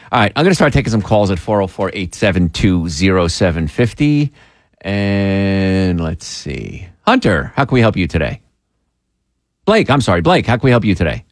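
A man hosting a call-in health radio show, talking in an emphatic, animated way with pleading asides, from a studio mic. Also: sits low, no echo.

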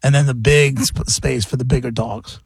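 Gravelly man telling stories. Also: medium pitch, normal speed, no echo, studio quality. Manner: animated storyteller. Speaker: podcast co-host. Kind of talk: casual chat.

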